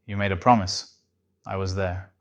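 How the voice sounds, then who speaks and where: A man doing a calm, polite AI assistant. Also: low-pitched, moderate pace. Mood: calmly firm.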